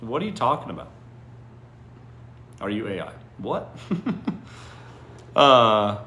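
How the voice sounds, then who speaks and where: In an echoey room during a live stream, a male host fires back blunt, teasing advice at viewer comments, cursing freely and often asking "what?" in disbelief. He talks slowly in a sing-song voice on the low side, with a sharp tone.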